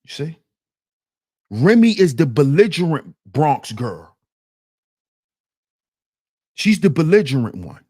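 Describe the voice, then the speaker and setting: A man hosting a commentary channel, talking in a casual, slang-heavy, emphatic way. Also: a little high.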